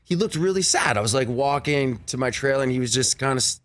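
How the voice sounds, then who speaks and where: A man's voice: mid-range voice, animated, fairly bright tone. A man in his forties, a guest on a talk show, telling stories and often breaking into laughter. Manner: giggly, quick to burst into laughter. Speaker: actor guest.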